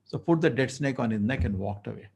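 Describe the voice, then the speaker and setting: A man lectures at a temple, telling a story in a loose, conversational way. His voice is gravelly and husky, at an ordinary middle pitch. He often slips into acting out the characters' lines. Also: quick pace. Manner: animated, conversational, acts out dialogue. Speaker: temple speaker.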